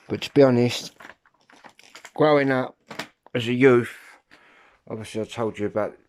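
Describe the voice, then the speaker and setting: A man with a Kent accent talks casually to his viewers, rambling through his points. He restarts his sentences often and drops slang as he goes. His voice sits a little low. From Kent, England. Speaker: vlogger.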